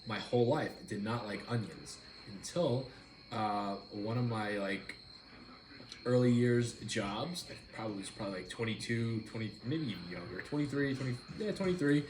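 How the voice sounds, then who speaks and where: A man's voice: fairly low pitch, normal speed. A man hosting a casual live stream over dinner at home, rambling easily and greeting viewers by name. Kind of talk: casual chat while eating dinner. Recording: roomy with clear background noise.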